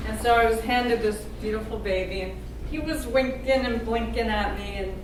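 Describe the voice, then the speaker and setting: A woman's voice: on the high side, steady tone, normal speed, slight background noise. A middle-aged woman giving a toast as mother of the groom, telling stories with frequent laughter. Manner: warm, laughing, storytelling. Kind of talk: personal toast speech. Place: large banquet room. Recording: echoey hall, far mic, loud crowd.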